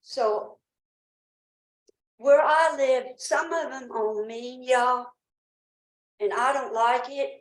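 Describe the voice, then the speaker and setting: A woman's voice: high voice, slow pace, pauses often, echoey room, rough recording. A woman with a Southern accent addressing a town council, talking in a nervous, rambling way and struggling a little with her speech. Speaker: resident speaking at public comment. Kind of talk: emotional personal account. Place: town council meeting room.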